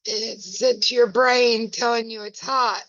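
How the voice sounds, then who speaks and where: Folksy woman, slow and bright. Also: a little high, flat delivery, no room sound. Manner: self-mocking, folksy, chatty. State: burning eyes from pepper. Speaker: wellness ministry host. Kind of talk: casual home video chat. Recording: dull lo-fi dry sound.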